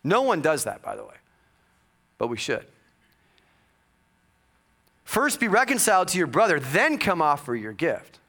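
A male pastor preaching a sermon, telling a personal story with humor and bursts of loud excitement. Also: a little high, measured pace, gravelly, pauses often. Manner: animated storytelling with jokes and sudden loud bursts.

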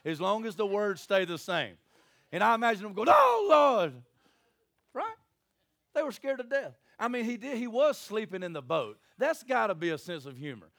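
A man's voice: high voice, sing-song, brisk, hardly any pauses, a bit bright, no echo, clean studio sound. A man preaching a sermon, folksy and joking, acting out Bible scenes in little voices. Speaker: pastor.

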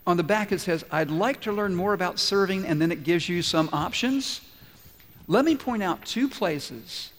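High-voiced male pastor preaching in hall. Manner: animated storytelling, acting out dialogue. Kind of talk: sermon. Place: large church hall.

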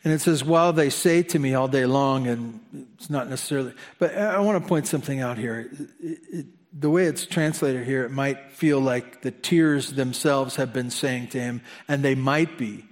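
A man's voice: medium pitch, normal speed. A man preaching a conversational sermon, asking the listeners questions and slipping in chatty asides. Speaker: pastor.

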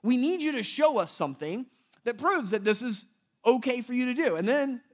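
Animated, high-voiced male preacher. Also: moderate pace. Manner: animated, conversational, acts out voices in quotes. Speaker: pastor. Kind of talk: casual sermon.

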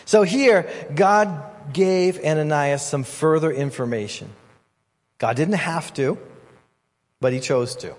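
A man preaching a sermon as pastor, conversational and animated, acting out voices in the story. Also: a little high. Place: church hall. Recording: long hall reverb.

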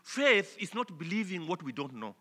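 Man, preacher, sermon, emphatic declarations and soft appeals, very bright, long reverb. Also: high-pitched, sing-song, moderate pace. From Kenya.

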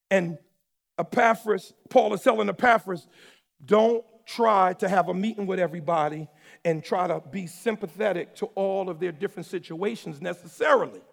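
Man preaching, high voice, gravelly edge, shouting then dropping low, long church reverb. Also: moderate pace. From New York or New Jersey area. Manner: swings from shouted preaching to low, quiet asides. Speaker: pastor. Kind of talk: sermon.

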